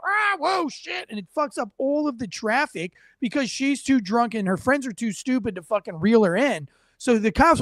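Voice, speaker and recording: A man's voice: very high-pitched, no echo, clean studio sound. Blunt, profane man commenting on footage. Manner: blunt, profane, animated storytelling. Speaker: host reacting to police footage. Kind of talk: casual commentary.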